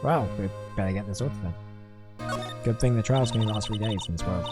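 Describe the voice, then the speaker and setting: A man's voice: on the low side, brisk. A man casually commenting while streaming a video game and reading its lines aloud. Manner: casual, reads all game parts aloud. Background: game music.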